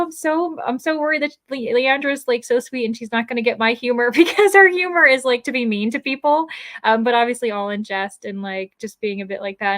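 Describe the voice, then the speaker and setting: A woman's voice: medium pitch, no echo. A woman hosting a live stream in a casual, chatty way, reading out viewer comments with bubbly exclamations. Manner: frequent fillers and self-restarts.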